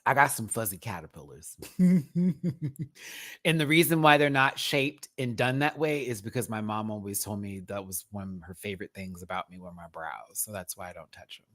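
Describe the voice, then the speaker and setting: A man hosting a live review stream in a campy, expressive, chatty manner, laughing often. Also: lowish voice, normal speed, dry recording, clean studio sound. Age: adult, remembers childhood. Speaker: host reviewing a TV competition. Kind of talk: live-stream commentary chat.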